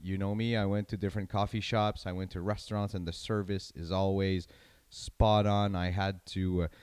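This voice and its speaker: A man's voice: deep voice, moderate pace, clean tone, no room sound. A young man with a French Canadian accent, an event announcer telling stories in casual chat, rambling with many restarts. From French-speaking Canada. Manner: rambling, restarts often, animated storytelling.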